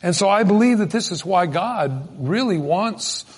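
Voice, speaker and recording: High-voiced guy preaching, folksy and animated, big reverby hall. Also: a little slow, husky. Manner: folksy, animated storytelling with sudden loud bursts. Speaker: pastor. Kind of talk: sermon.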